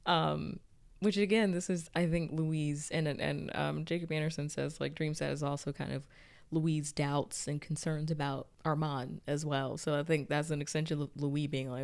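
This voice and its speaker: A woman with a notably low-pitched voice recaps a TV episode in an unhurried, conversational way. She rambles, restarts her sentences and peppers almost every phrase with "like". It sounds like an easygoing solo vlog monologue. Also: steady tone, vocal fry, darkish tone, clean tone. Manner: chatty, heavy use of "like", rambling restarts. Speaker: TV recap reviewer. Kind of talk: casual spoken recap.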